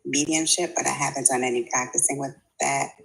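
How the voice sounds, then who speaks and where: Client woman, very deep voice, hesitant, pauses a lot while searching for words. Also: fairly even intonation, gravelly, fairly bright tone, poor audio. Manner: hesitant, many pauses and fillers. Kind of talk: casual conversation in a reading session.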